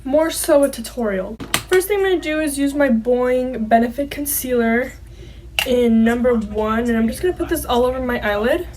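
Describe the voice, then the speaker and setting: High-voiced chatty young woman. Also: moderate pace, a little mellow, slight background noise, rough recording. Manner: chatty, giggly, self-conscious. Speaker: beauty vlogger. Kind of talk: casual makeup tutorial chat. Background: faint background music.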